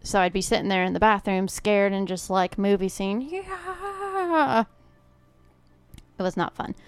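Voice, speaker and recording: A woman's voice: medium pitch, flat delivery, fairly quick, clean tone, dry recording. A woman co-hosting a podcast, telling a personal story in a chatty, casual way with lots of filler words. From Oklahoma. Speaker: podcast co-host. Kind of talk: casual chat.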